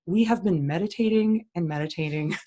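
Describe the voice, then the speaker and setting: A woman with a lowish, warm voice speaks fairly quickly while co-hosting a casual talk. Looking at listings on screen, she shares opinionated, blunt, plain-spoken views.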